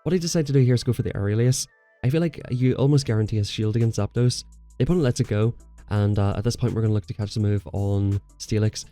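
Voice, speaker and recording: A man's voice: on the low side, quick pace, warm tone, soft background music. A man hosting his gaming channel, giving casual, chatty gameplay commentary and explaining each move as he plays. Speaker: game channel host.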